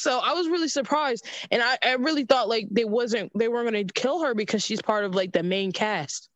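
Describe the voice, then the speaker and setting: A woman chatting as a podcast guest, expressive and quick to rise in pitch when excited. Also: dry recording. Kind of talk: casual chat.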